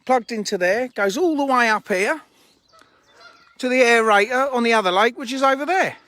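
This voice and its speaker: High-voiced Englishman bantering on a live stream. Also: moderate pace, sharp tone. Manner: joking, teasing banter with viewers. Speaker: fishery owner hosting a live stream. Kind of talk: casual live-stream chat. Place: outdoors by fishing lakes.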